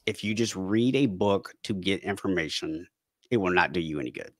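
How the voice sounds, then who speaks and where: Man, low register, podcast guest coach; casual and animated, restarts sentences, dry close sound. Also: moderate pace, no echo. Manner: animated storytelling, acting out panicked inner voices; frequent restarts and repeated words. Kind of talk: casual conversational interview.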